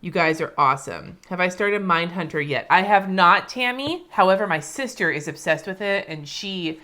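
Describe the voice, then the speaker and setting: A woman's voice: on the low side, expressive, normal speed, pushed and bright. Chatty, swearing woman on a live stream. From California. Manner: chatty, swears casually, answers viewers by name. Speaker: planner vlogger reading live comments. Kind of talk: casual live-stream chat. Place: home, indoors.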